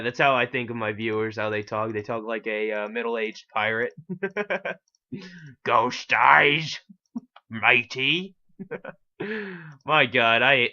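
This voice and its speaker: Male gaming host, bright voice, rambling, self-mocking, casual swearing, dull home-mic sound. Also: mid-range voice. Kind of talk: casual gameplay commentary.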